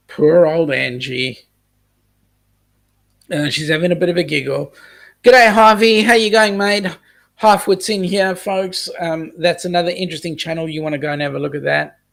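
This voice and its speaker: A man's voice: on the high side, creaky, a bit bright. An Australian man hosting a casual live stream, chatting and reading out viewer comments with plenty of ums. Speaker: host reading live chat.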